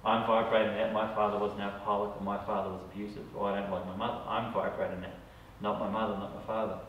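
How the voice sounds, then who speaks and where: A fast-talking Australian man with a lowish, level voice works as a psychic medium, casually addressing a small group and often asking "all right?". The recording is muffled and echoey, captured from a far-off mic with slight background noise.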